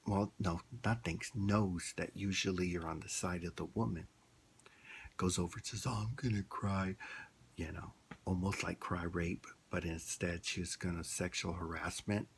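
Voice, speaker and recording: Slow, gravelly low-voiced man ranting. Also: steady tone, slight background noise. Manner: ranting, blunt, rambling. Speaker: vlogger. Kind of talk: casual opinion monologue.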